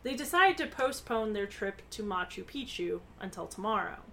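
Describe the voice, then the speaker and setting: A woman co-hosting a casual podcast, retelling a book's story and acting out its quoted lines with lively emphasis. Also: mid-range voice, moderate pace, vocal fry, slight background noise. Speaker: podcast co-host. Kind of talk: casual book recap with commentary.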